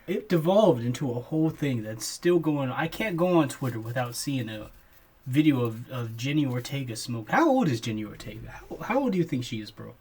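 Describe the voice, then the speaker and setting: Husky young man in casual podcast chat. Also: mid-range voice, animated, moderate pace, darkish tone. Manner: laid-back, laughs often, says "bro" a lot. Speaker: podcast co-host.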